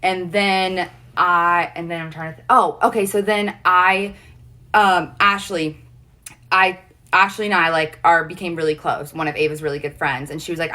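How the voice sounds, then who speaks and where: A woman's voice: fairly low pitch, steady tone, moderate pace, pushed and bright. A young woman telling a personal story in casual chat, rambling and earnest, with lots of fillers and restarts. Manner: emotional, earnest.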